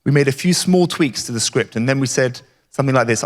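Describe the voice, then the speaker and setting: Man, conference speaker, emphatic, rhetorical, mid pitch, long hall reverb. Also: animated, fairly quick, hardly any pauses. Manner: emphatic, rhetorical, repeats catchphrases. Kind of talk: keynote talk.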